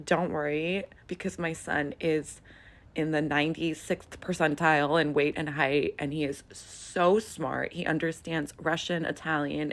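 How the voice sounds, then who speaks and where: Female vlogger, low-pitched, creaky vocal fry, lazy drawl, talking into a phone held in her hand. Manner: drawling, peppered with "like" and "um". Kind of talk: casual confessional vlog talk. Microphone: handheld phone.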